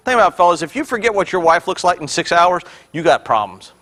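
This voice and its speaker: A male pastor preaching a sermon with energy, swelling loud on key points and dropping in joking asides to the congregation. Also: on the high side, sing-song, brisk.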